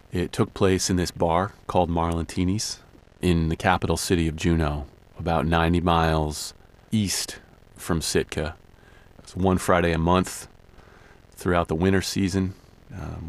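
A man telling a personal story in a relaxed, conversational way, with music behind. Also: low-pitched.

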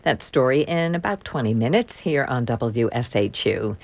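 A woman announcing station breaks and upcoming programs on public radio in a smooth, promotional read. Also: very deep voice, lively intonation, normal speed, a little mellow. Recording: faint music bed underneath.

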